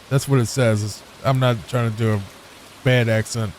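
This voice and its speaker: A man hosting a calm sleep-aid gameplay video, reading on-screen text softly and adding wry asides. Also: mid-range voice, slight background noise. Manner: soft, unhurried, reads on-screen text aloud and adds wry asides. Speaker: gaming channel host.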